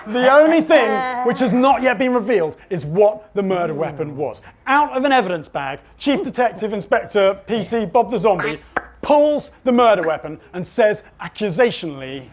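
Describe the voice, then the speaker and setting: A man's voice: high-pitched, big pitch swings, normal speed. A man, a comic book author, narrating a funny story live for children with careful comic timing.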